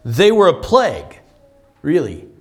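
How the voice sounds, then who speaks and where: A man with a fairly high voice teaches from scripture in a relaxed, conversational way. He thinks out loud, restarts his phrases and keeps checking in with the room by asking "right?". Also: a little slow. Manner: restarts and repeats words while thinking aloud. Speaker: Bible teacher.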